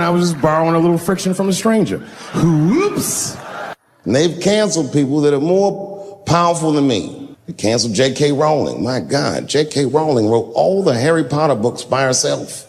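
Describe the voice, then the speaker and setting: Animated male stand-up comic. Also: big-room sound, slight background noise. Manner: storytelling, acting out characters with big pitch swings. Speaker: stand-up comedian. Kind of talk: stand-up comedy set.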